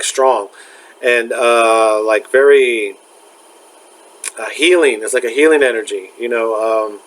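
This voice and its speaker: A young man talks casually, circling back and restarting often. His voice sits at an ordinary middle pitch, and his story comes out halting and searching, thick with fillers. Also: rough recording. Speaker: spiritual vlogger.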